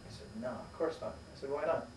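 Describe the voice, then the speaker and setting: A man's voice: medium pitch, fast, a little mellow. American man recounting a story, distant mic. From United States. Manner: retells arguments, hesitant restarts. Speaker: interviewee. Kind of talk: casual conversational storytelling. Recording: roomy distant mic with faint ambient noise.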